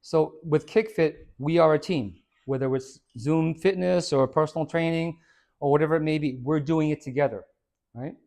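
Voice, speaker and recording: A man's voice: fairly high pitch, normal speed. A man, a fitness trainer, gives a casual motivational talk to a small group and acts out the voices of the people in his stories. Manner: animated storyteller who acts out quoted voices.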